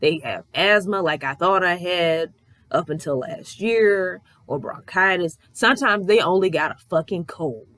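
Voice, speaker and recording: A young woman vlogger telling a story in a casual, animated way, swearing often and ranting in exasperation. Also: on the low side, a little slow, no echo.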